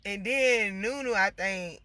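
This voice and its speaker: A woman's voice: medium pitch, slow, sharp tone, dry recording. A woman with young kids venting casually to her viewers, swearing freely and calling them y'all. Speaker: vlogger.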